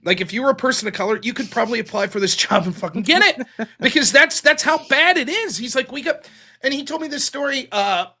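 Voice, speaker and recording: A man's voice: very high-pitched, animated, fairly quick, bright, forceful tone. A man hosting a political call-in show, talking casually and profanely, rambling through stories as he retells what others told him.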